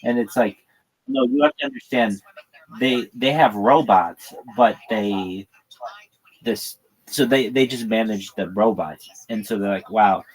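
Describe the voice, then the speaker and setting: A man with a fairly low voice talks through a long, rambling story on his livestream. He swears freely and keeps it loose and conversational. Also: measured pace, breathy edge, rough recording. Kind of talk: casual livestream monologue.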